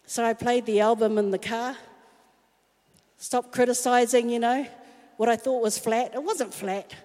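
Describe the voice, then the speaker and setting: A woman's voice: fairly high pitch, steady tone, unhurried, a little mellow. A woman telling a candid, self-mocking personal story in a sermon. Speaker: speaker at a church talk. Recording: long hall reverb.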